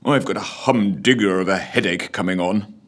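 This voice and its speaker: A man voicing a squeaky, timid, quavering old miser in a comic story reading. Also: normal speed. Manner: quavering, overly polite. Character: old male miser, timid, bleary and excitable.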